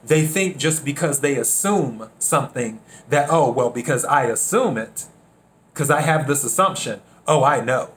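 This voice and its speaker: A man from South Carolina hosting a reflective solo podcast, unhurried, repeating his phrases and acting out bits of dialogue. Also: mid-range voice, lively intonation, a bit bright. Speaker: podcast host.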